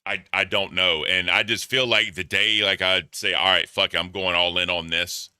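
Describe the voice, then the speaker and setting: A man's voice: sits low, fairly even intonation, moderate pace, pushed and bright, smooth, no room sound, studio quality. A man hosting a casual podcast chat, joking and swearing freely. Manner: profane, joking. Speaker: podcast host.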